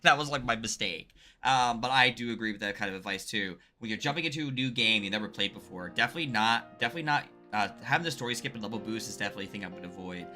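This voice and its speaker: A man's voice: on the low side, animated, racing, few pauses, pushed and bright, faint music behind. A man hosting a casual streamed interview about a game, upbeat and rambling, with many fillers. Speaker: host.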